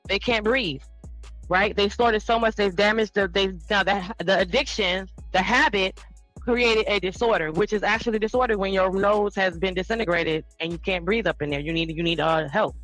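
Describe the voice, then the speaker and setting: Woman co-host, bright forceful tone, blunt rambling talker. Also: mid-range voice, normal speed, faint music behind, rough recording. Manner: blunt, rambling, laughs while talking. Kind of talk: casual chat.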